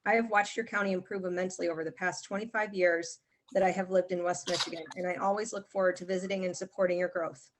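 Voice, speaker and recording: Woman calling in, reads her statement, earnest and steady. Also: lowish voice, fast talker, background noise. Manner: earnest, reading prepared remarks. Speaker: caller. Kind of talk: public comment at a meeting. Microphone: call-in line.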